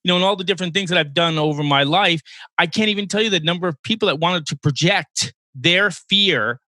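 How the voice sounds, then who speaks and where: A man's voice: high voice, a little fast, bright, forceful tone, dry recording. A man in his sixties hosting a podcast, telling earnest personal stories in casual conversation. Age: 60s. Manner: earnest storytelling, emotional at times. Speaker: podcast host. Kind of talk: casual interview chat.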